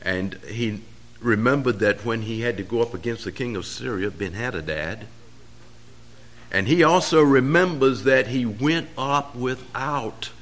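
Emphatic preacher man. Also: medium pitch. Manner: emphatic preaching, swelling louder on key phrases. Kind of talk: sermon.

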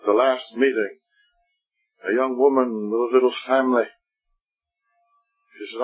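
A man preaching a gospel sermon, earnest and pleading, with a husky voice that rises and falls. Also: medium pitch, fairly even intonation, moderate pace, pauses often, lo-fi sound, soft background music. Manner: earnest, rising and falling pleading delivery.

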